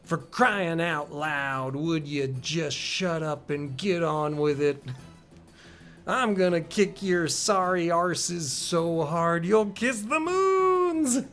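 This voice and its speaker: A man's voice: expressive, slow pace, faint music behind. A man doing a brash girl fighter, fake Aussie twang. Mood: cocky. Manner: high, loud, cocky. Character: brash young woman fighter, fake Australian accent.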